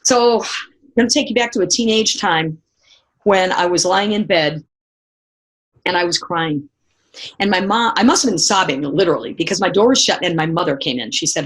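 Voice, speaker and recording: A middle-aged woman speaker giving a motivational seminar talk, telling lively stories and asking the audience direct questions. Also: mid-range voice, normal speed, slightly rough. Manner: animated storytelling, acting out remembered voices.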